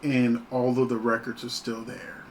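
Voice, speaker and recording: Chatty guy doing a movie review, mid pitch, laughs a lot, faint hiss behind. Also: normal speed, poor audio. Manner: animated, chatty, laughs often. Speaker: channel host reviewing a film. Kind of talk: casual spoken review.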